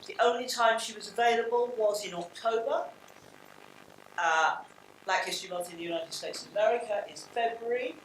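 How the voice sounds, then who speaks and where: A woman's voice: fairly high pitch, fairly quick. Older woman, London accent, blunt panel speaker, distant mic in a roomy hall with faint room noise. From England. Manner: blunt, reflective, with many restarts. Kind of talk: public talk. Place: large hall.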